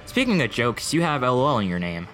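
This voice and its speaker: A young man giving deadpan, mocking commentary over gameplay clips. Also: medium pitch, quick pace. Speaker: gaming video creator. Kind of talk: sarcastic gaming commentary. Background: faint music.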